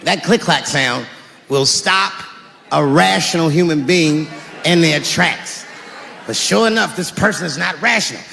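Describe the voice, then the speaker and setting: A man performing a stand-up comedy set on stage, telling a story with animated delivery and shouted punchlines. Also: on the high side, measured pace, gravelly. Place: comedy stage, live audience. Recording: reverberant live venue with audience noise.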